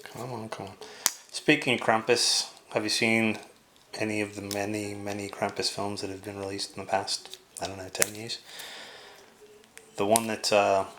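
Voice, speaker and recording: A man's voice: fairly low pitch, background noise. A man chatting casually as he unboxes a board game, rambling with lots of fillers and asides.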